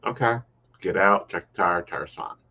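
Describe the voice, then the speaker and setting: Low-voiced man hosting a casual chat. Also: normal speed, gravelly, husky, muffled recording. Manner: animated storyteller, quotes himself. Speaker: podcast host.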